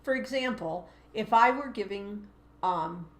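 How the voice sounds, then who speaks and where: A woman's voice: mid-range voice, lively intonation, a little slow. Chatty woman teacher in an echoey room. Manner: explains at length, acts out voices in quotes. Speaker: teacher and co-host. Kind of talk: casual two-person chat.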